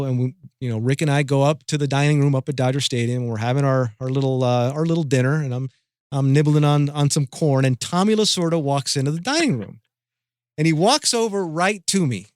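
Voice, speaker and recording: A middle-aged man, a former sports radio host, tells stories as a guest in a casual interview. His voice sits a bit high and he restarts his phrases often. The sound is dry and close. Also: clear, resonant tone, dry recording. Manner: animated, with many restarts and self-corrections.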